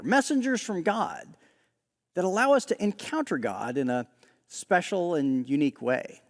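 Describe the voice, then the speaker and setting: A middle-aged male pastor preaching a sermon in a relaxed, conversational storytelling way, often pausing on "uh". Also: fairly high pitch, big-room sound. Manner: conversational storyteller with frequent "uh" pauses. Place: large church hall.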